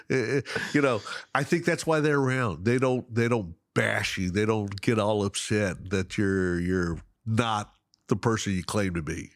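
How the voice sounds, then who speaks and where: A middle-aged man telling fishing stories as a podcast guest, excitable and quick to laugh, swinging between loud high exclamations and quiet asides. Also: no room sound, studio quality. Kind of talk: animated storytelling in casual chat.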